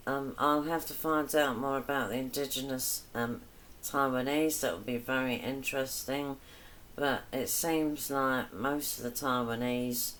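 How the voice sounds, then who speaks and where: A woman's voice: a bass voice, a little hiss or hum. A woman cooking vlogger chatting casually while she cooks, wandering between topics with self-deprecating asides.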